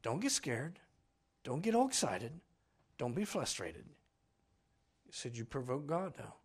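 Dramatic preacher with a lively voice. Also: male voice, medium pitch, measured pace, slightly rough. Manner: dramatic, swings from loud to hushed; acts out voices of the people in the story. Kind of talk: sermon.

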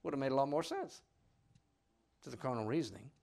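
A man preaching a sermon, swinging between loud cries and hushed lines and acting out the people in his story. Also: medium pitch, animated, a little fast, vocal fry. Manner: acts out voices of the people in the story.

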